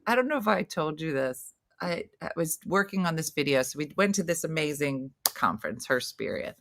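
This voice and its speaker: A middle-aged woman co-hosting a casual chat, telling stories in an animated way and slipping into playful voices. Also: low-pitched, brisk, no room sound, clean studio sound. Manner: animated storyteller, playful voice shifts. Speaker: podcast co-host.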